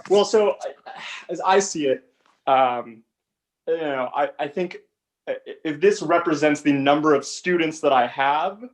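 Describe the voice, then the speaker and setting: A man's voice: fairly high pitch, a little slow, natural voice. A man in an improv scene playing a creepy teacher who stammers earnestly and says he wants to learn. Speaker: improv performer.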